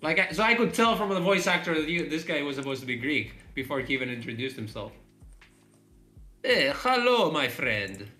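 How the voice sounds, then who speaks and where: Bright-voiced man chatting in a roomy echo. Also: on the high side, fast, hardly any pauses, faint music behind. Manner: rambling, many fillers, frequent laughs. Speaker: game developer streaming live. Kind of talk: casual live-stream chat.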